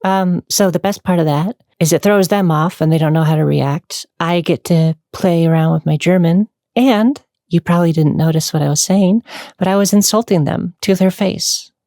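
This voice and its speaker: A woman with a low, gravelly voice talks straight to camera, answering questions in a loose, rambling way. Her delivery is casual and chatty, with easy laughs between thoughts. The sound is close and dry. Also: moderate pace, warm tone, no room sound. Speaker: online creator answering fan questions.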